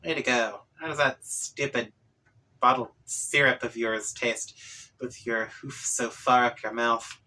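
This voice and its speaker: A snippy young troll boy voiced by a man needles and mocks in an exasperated tone. The voice is bright and clear, delivered at an unhurried pace. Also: mid-range voice, steady tone, low-quality recording. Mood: snarky. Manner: snarky, exasperated and mocking.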